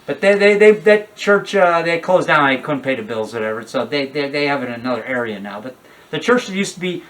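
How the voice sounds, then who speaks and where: A man's voice: mid-range voice, expressive, fairly quick, fairly bright tone, far from the mic. An older man, a horror filmmaker, talking casually in a rambling, digressive way with many restarts and asides.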